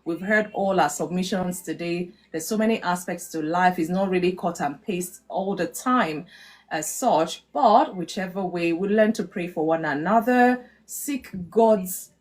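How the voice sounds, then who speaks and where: Woman hosting a live chat, playful and teasing, goes warm and prayerful. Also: on the low side, measured pace. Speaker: host of a live marriage talk. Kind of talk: casual live-stream chat.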